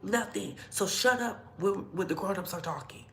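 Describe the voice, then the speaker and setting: A woman's voice: medium pitch, moderate pace, vocal fry, fairly bright tone, slight background noise. A woman vlogger ranting bluntly and profanely in heated commentary, in an echoey room.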